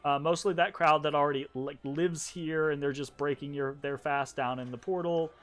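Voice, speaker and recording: A man's voice: fairly high pitch, fairly even intonation, moderate pace, a bit bright. A man narrating a tabletop game as game master, in a casual, rambling way. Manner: casual, filler-heavy narration.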